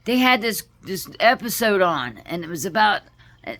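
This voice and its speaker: A woman vlogger telling a personal story to camera, heartfelt and halting, with frequent pauses. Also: deep voice, animated, fairly bright tone.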